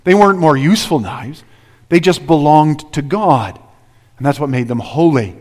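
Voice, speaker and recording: A man's voice: on the high side, normal speed, darkish tone. Man preaching a sermon in an echoing hall. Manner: earnest, rhetorical questions and repetition. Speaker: pastor. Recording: reverberant hall.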